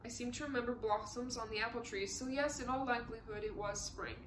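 A woman's voice: on the high side, fairly even intonation, fast, fairly bright tone, echoey room, a little hiss or hum, lightly acted. A woman voicing a witty, unflappable aristocratic count who answers with dry, polite humor. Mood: droll.

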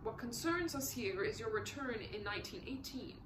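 A woman's voice: a little high, lively intonation, normal speed, reverberant, background noise, lightly acted. A woman voicing a cold, probing male prosecutor who questions in a clipped manner. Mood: stern. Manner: clipped, interrogating.

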